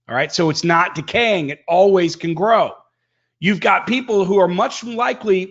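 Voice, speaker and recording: A man teaching online marketing in a live webinar, energetic and emphatic, swinging his pitch and pace for effect. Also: highs cut off.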